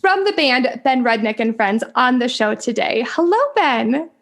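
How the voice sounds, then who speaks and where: A woman's voice: fairly high pitch, lively intonation, a little slow. A woman hosting a podcast over a video call, bubbly and giggly, sometimes tripping over her words. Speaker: podcast host.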